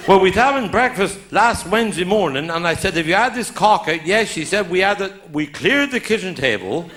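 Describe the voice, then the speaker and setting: A Cornish comedian spins his yarn in a high, lively voice that leaps up and down as he acts out each exchange. He talks in broad local dialect grammar, often breaking into laughter, and the live recording carries a clear hum of noise behind him. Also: fairly quick. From Cornwall. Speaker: stand-up comedian. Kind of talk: live stand-up storytelling. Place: live show venue with an audience.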